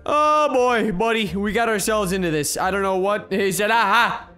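A gaming video host giving casual, excitable gameplay commentary and chatting with viewers. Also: medium pitch, a little fast, clean tone, faint music behind.

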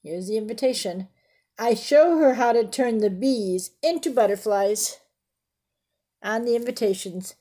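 A woman's voice: mid-range voice, measured pace, mellow. A woman reading a picture book aloud to children, stopping often to ask about the pictures and explain fancy words. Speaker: storybook reader.

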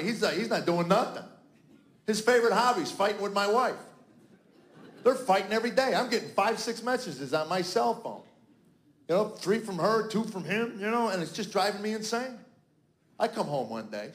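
High-voiced man in his fifties, stand-up. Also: lively intonation, normal speed. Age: 50s. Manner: acts out family dialogue, exasperated dad. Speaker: stand-up comedian. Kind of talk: stand-up storytelling. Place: stage before a live audience. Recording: roomy live venue sound.

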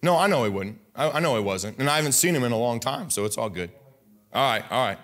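A man's voice: mid-range voice, animated, fast, a bit bright. Man preaching with emphatic rising bursts. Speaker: pastor. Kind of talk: sermon. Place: church sanctuary.

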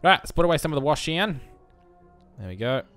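A man's voice: fairly high pitch, very animated, a little fast, fairly bright tone, faint music behind. A young man chatting casually over a life-sim game, talking to his characters and poking fun at himself. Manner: chatty, self-mocking, talks to his characters. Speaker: gameplay commentator. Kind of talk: casual let's-play commentary.

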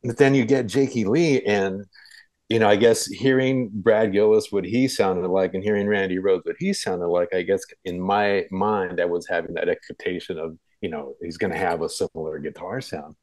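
A man with a very low voice tells a long, rambling story from memory, full of fillers and restarts. His voice sounds dry and close, with no room echo. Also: fairly even intonation, moderate pace, darkish tone. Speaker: guest. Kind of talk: casual interview recollection.

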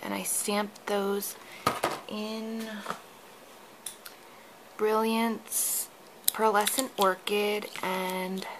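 Woman, slow, soft half-whispered delivery, crafting tutorial, noisy background. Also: medium pitch, little pitch movement. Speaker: papercraft tutorial host. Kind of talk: show-and-tell card-making tutorial.

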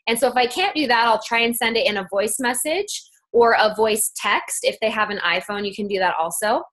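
A woman's voice: fairly high pitch, brisk, fairly bright tone. A woman speaking as guest on a sales team call, eager and chatty, with many fillers and restarts as she coaches her team. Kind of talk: motivational team-call talk. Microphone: phone or conference-call line.

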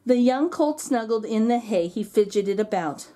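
A woman, a kindergarten teacher, reading a story aloud in an expressive, sing-song storytime manner. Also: on the high side, moderate pace, soft background music.

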